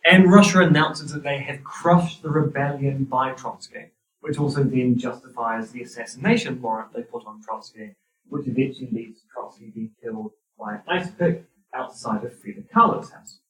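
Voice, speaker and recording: Wry New Zealand man lecturing in a hall. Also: mid-range voice. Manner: wry, dry humor. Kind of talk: university lecture. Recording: roomy hall, distant mic.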